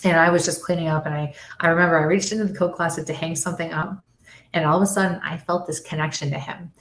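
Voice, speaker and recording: A woman's voice: low-pitched, fast talker, a little hiss or hum. A middle-aged woman telling stories in a casual chat, acting out the voices of the people she quotes. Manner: animated storyteller, acts out quoted voices. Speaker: guest. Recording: roomy echo.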